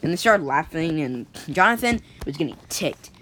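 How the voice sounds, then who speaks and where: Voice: mid-range voice, animated, normal speed, fairly bright tone, a little hiss or hum. A storyteller telling an improvised story in a casual, rambling way, full of fillers and restarts.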